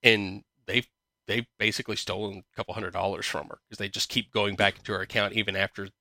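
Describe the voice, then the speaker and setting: A man's voice: lowish voice, steady tone, quick pace, bright, forceful tone, no room sound, clean studio sound. A man hosting a podcast, chatting casually and reading news articles aloud, swearing freely with a sarcastic, ranting manner. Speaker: podcast host.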